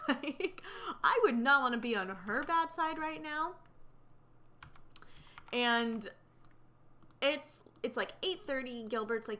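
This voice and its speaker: A woman's voice: a little high, lively intonation, unhurried, bright, forceful tone, a little hiss or hum. A young woman narrating a life simulation game in a casual, chatty way, full of fillers and gossip. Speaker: let's play narrator.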